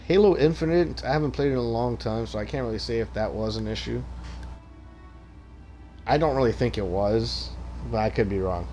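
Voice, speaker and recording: A man streaming a game live, ranting loudly and with exasperation about the matchmaking, swearing constantly. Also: medium pitch, a little fast, soft background music. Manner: profane ranting, loud and exasperated. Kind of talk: live gaming stream rant.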